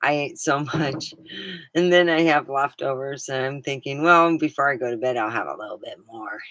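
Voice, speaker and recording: A woman's voice: extremely low pitch, moderate pace, a bit bright, dry recording, poor audio. A woman livestreaming, chatting casually in a meandering way and swearing now and then. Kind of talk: casual rambling chat.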